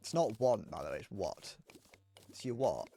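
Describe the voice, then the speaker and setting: A man's voice: fairly low pitch, big pitch swings, moderate pace, gravelly, warm tone. A man with a British accent chatting casually to his live-stream audience while gaming, rambling through restarts and crude remarks. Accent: British English. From Britain. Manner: rambling and crude, answering chat with frequent restarts.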